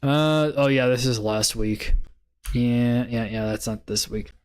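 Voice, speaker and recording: Slow-talking man reviewing charts. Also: medium pitch, clean tone. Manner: laid-back, muttering, bursts of swearing laughter. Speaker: trading stream host. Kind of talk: casual live-stream market commentary.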